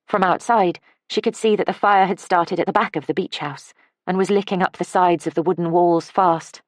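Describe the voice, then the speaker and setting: Woman, audiobook narration, calm and measured, low voice, dry close recording. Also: no echo. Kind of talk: scripted narration.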